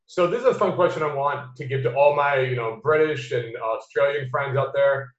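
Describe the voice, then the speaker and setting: A man's voice: mid-range voice, moderate pace, hardly any pauses. Man, American accent, podcast host, blunt, swears a lot, echoey room, lo-fi. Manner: blunt, swears freely, laughs easily. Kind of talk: casual chat. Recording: roomy, dull lo-fi sound.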